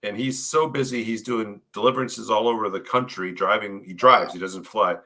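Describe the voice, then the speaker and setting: A man's voice: lowish voice, normal speed, pushed and bright. A male guest on a podcast explaining his views in an earnest, conversational way, often tagging "right?" onto his points. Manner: earnest, keeps asking "right?". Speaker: podcast guest, paranormal author. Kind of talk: conversational interview.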